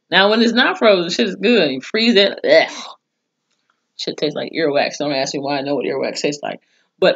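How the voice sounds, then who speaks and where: A woman giving a casual, profane recap of a TV episode, acting out the characters' lines with animated voices. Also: lowish voice, lo-fi sound. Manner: chatty and profane, with animated acted-out quotes. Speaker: TV episode reviewer.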